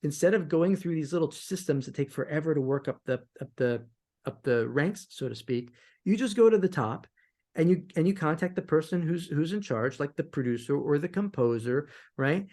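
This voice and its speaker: A man guest on a podcast interview, telling stories from his music career in an animated way and often repeating words as he restarts. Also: on the high side, moderate pace. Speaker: guest, sync licensing musician. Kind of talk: conversational interview answers.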